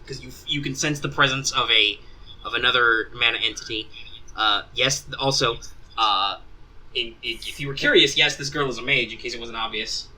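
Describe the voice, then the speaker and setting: Bright-voiced male game master. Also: mid-range voice, moderate pace, low-quality recording. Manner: rambling, many ums and asides. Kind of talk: narrating a tabletop game.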